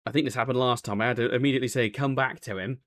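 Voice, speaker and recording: A man's voice: medium pitch, fairly even intonation, rapid-fire, fairly bright tone. A man hosting a post-race interview, talking in a chatty, rambling way with lots of fillers and self-corrections. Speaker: race broadcast host.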